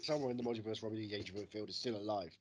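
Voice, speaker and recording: A man's voice: fairly low pitch, very fast. A British man teasing his co-host through a casual movie quiz, tossing out actor names. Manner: playful, teasing, rattles off names.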